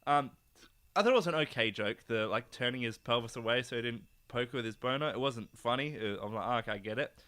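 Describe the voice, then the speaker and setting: A young man co-hosting a comedy podcast, talking in an animated, sarcastic, rambling way. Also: mid-range voice, a little fast, dry recording. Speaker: podcast co-host. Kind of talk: casual comedic chat.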